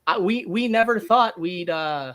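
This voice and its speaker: A man's voice: high-pitched, a little slow, a bit bright. A man talking as a guest in a casual interview, thinking aloud with restarts and small laughs. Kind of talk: casual conversation.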